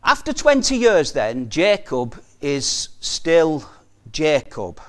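A man preaching a sermon earnestly, repeating key phrases for emphasis and often dropping to a soft, quiet delivery. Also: on the high side, sing-song, slow pace.

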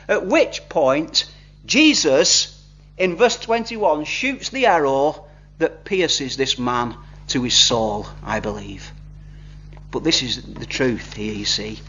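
A man's voice: high voice, big pitch swings, measured pace, a bit bright, slightly rough. A man preaching a conversational sermon, acting out the people he quotes. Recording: slightly dull lo-fi recording.

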